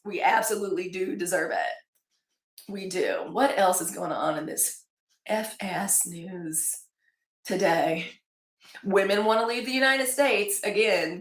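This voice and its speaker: A woman in her forties hosting a daily live news show, talking casually and wandering off topic while thanking viewers by name. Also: mid-range voice. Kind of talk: casual livestream chat. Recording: echoey room.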